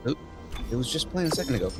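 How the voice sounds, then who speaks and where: A man's voice: very animated, very fast, over music. A man casually chatting while streaming a game, slipping into jokey, exaggerated accent bits. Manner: joking, does high exaggerated accent bits. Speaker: streamer host. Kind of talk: casual gaming chat.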